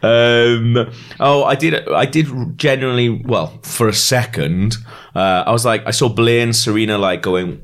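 A young man chatting casually as a podcast co-host, sweary and animated when he tells a story. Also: medium pitch, moderate pace. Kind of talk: casual chat.

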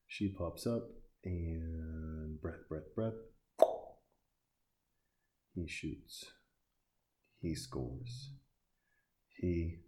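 A man with a very low, mellow voice delivers casual reaction commentary. He is sarcastic and swears freely, talking back at the screen as he watches. His tone stays dark and relaxed throughout.

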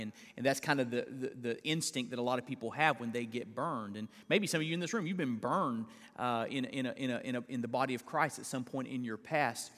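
A man preaching a sermon as pastor, emphatic and building to loud repeated declarations, with stumbles and restarts. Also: medium pitch, normal speed, in a large hall. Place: church sanctuary.

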